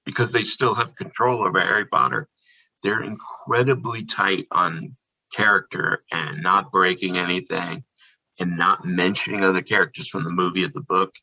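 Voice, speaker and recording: A man guesting on a podcast with a low, gravelly, slightly husky voice that swings widely in pitch. He tells candid stories in a lively, casual way. The audio is dull and lo-fi. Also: moderate pace. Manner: animated, candid storytelling. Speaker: podcast guest, theme park performer. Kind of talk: casual storytelling chat.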